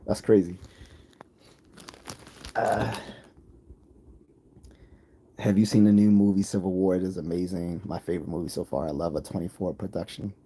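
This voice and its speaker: Male livestream host, East Coast accent; low, mellow, husky voice; rambling, opinionated chat with viewers.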